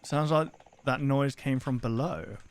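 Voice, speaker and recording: In this let's-play commentary, a young man streams a horror game and reacts with crude exclamations and plenty of swearing. His medium-pitched voice is clear and resonant, and his delivery is unhurried.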